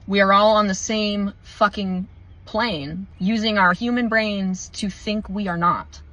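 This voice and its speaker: A woman giving a heated, profane spiritual monologue, swinging between slow, deliberate emphasis and rushed outbursts as she preaches mindfulness. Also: mid-range voice, steady tone, fairly bright tone, dry recording, low-quality recording. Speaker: spiritual content creator.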